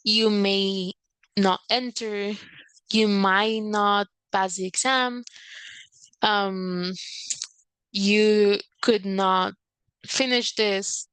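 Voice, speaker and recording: A woman's voice: steady tone, drawn-out words, long pauses, a bit bright, smooth, dry recording, poor audio. A woman teaching an English grammar lesson, explaining patiently and acting out short example lines with a lifted voice. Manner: patient, acts out quoted examples with lifted pitch.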